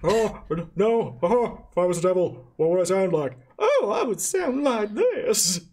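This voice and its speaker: A man's voice: high voice, big pitch swings, measured pace, a little mellow, slight background noise, voice pushed up. A man doing a manic, hammy teacher. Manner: manic, giggly impression-style rambling. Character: manic bearded male teacher, zany and hammy.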